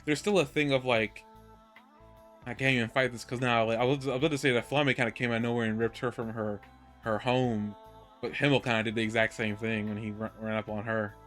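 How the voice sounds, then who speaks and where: A man's voice: mid-range voice, steady tone, fairly quick, fairly bright tone, soft background music. A man co-hosting a podcast, talking through an anime episode in a rambling way, full of restarts and easy laughter. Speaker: podcast co-host. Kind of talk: casual anime review chat.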